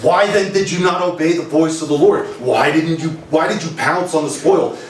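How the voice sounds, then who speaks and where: A man's voice: fairly high pitch, normal speed, slight background noise, close to an everyday voice. A man voicing a stern old male prophet, reading solemn, scolding words of rebuke. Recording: roomy hall, distant mic, faint ambience.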